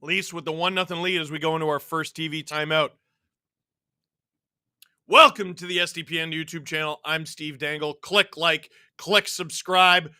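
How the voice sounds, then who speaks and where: A man from Canada hosting a live hockey watch-along, mixing excited play-by-play with reading chat messages and shouting on big plays. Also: fairly high pitch, moderate pace, clear, resonant tone, dry recording, clean studio sound. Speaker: livestream host watching a hockey game.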